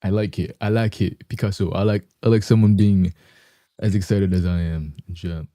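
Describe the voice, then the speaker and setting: Talking softly and easily with his chat on a live stream, a young adult man keeps a steady tone at a moderate pace. His voice is deep and very dark, with some morning roughness, and he clears his throat repeatedly. The audio is close and dry, no room around it.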